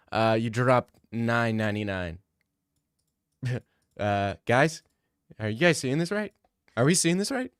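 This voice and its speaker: A man's voice: medium pitch, clean tone, no room sound. Rambling young male streamer, dry mic. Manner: rambling, joking, many restarts. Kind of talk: casual stream chat reading donations.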